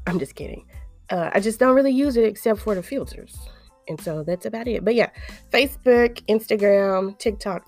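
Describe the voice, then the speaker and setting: A woman's voice: medium pitch, darkish tone. A woman in her thirties hosting her podcast in a chatty, playful way, full of jokey asides. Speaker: podcast host. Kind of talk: casual chat.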